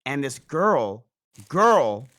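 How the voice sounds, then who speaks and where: A young man in casual chat, telling a rambling, animated story with frequent restarts. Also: medium pitch, very slow. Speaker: streamer guest.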